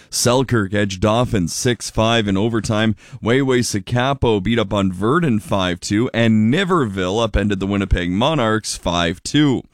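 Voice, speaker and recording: Male sports newsreader, fairly low voice, dry close studio sound. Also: dry recording. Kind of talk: radio sports news reading.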